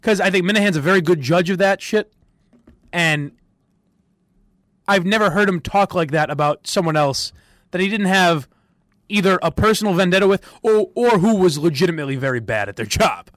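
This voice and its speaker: Animated, high-voiced sports radio man. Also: normal speed, no room sound, studio quality. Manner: rambling, animated, laughs often, restarts sentences. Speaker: sports radio podcast host. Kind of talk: casual opinionated chat.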